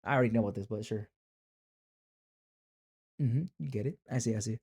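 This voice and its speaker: Low-key man reading manga aloud. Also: fairly quick, darkish tone, husky. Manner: casual, low-key asides. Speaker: manga reader streamer.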